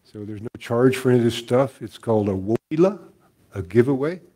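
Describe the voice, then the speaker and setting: Older guy telling stories at a talk, easygoing, warm mellow voice, chuckles a lot. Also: mid-range voice, a little fast. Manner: relaxed, chuckling storyteller. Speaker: guest teacher. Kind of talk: storytelling talk.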